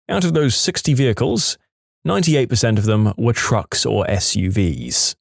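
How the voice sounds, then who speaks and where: A man reads internet posts with a wry, joking edge, his voice lively and full of swoops. The sound is dry and close, with no room around it. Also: medium pitch, vocal fry, dry recording. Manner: wry, animated delivery with sarcastic asides. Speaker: narrator reading online posts. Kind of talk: reading posts with comments.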